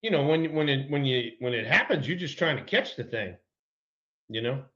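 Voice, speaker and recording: A man telling a story in casual chat, animated, repeating words and acting out quotes. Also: mid-range voice, normal speed, muffled recording. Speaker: co-host, former ballplayer.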